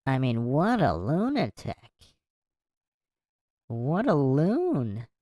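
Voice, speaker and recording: Low, dark-voiced woman podcast host. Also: huge pitch swings, extremely slow, no room sound. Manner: reads passages and breaks off to react with incredulous asides. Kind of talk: casual commentary and reading aloud.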